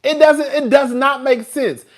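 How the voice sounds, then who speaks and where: A man's voice: very high-pitched, fairly even intonation, unhurried. A man hosting a casual live stream. He rambles, talks with sass and laughs often as he chats with his viewers. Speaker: show host reviewing TV.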